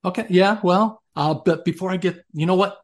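A man's voice: high-pitched, normal speed. Talkative male podcast host. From raised in a Greek household. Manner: rambling with frequent restarts. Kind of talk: casual interview conversation.

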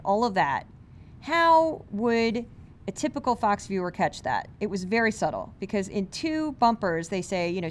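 A woman hosting a media commentary podcast, brisk, sarcastic and incredulous. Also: mid-range voice, a little hiss or hum. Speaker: podcast host.

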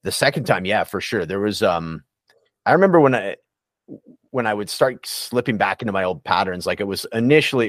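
A man's voice: low voice, no echo, studio quality. A man talking candidly and reflectively in a casual podcast interview, with many fillers and restarts. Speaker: recovery coach guest.

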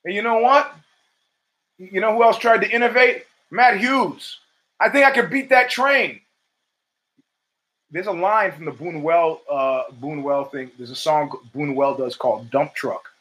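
An older man hosts his own show in a loose, profane monologue that drifts from story to story. His voice sits noticeably high for a man, and he keeps slipping into quick acted-out lines of dialogue. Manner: profane, rambling, animated storytelling with acted quotes. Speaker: podcast host. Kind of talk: casual monologue.

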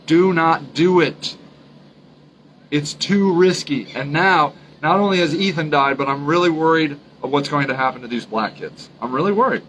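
A man's voice: a little high, a bit bright, slight background noise, rough recording. A man hosting a solo podcast, talking earnestly and emphatically, often repeating his points and restarting sentences. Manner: halting, frequent restarts. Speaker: podcast host.

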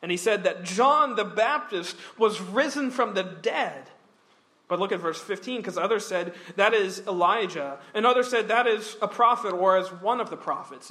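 High, bright-voiced man teaching scripture. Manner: earnest, emphatic, with restarts and soft laughs. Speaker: pastor. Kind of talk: Bible teaching sermon.

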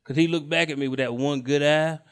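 Male stand-up comedian, higher voice, live on stage, storytelling. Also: fairly even intonation, brisk, smooth. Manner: storytelling with punchlines.

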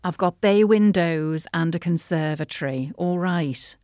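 A house-proud Wirral lady, put on by a woman, drawls her words slowly and proudly with a Wirral accent. The pitch sits a touch above the performer's own lowish voice. The sound is dry and close, with no room around it. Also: mellow, no echo, lightly acted.

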